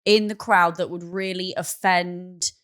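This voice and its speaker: A woman's voice: on the low side, steady tone, unhurried, a bit bright. A young woman co-hosting a podcast in casual chat, chatty and playful with self-mocking asides. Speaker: podcast co-host.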